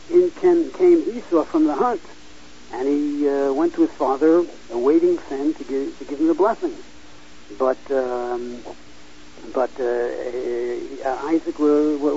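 A man teaching a Torah class, halting often with fillers and restarts as he reads verses aloud and explains them. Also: fairly high pitch, mellow, a little hiss or hum. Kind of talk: Bible class lecture. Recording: dull lo-fi recording.

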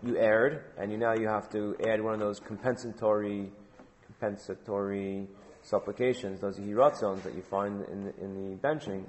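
A man's voice: on the low side, fairly even intonation, moderate pace, a little hiss or hum. A man teaching a Talmud class, prompting his students with questions and repeating phrases for emphasis.

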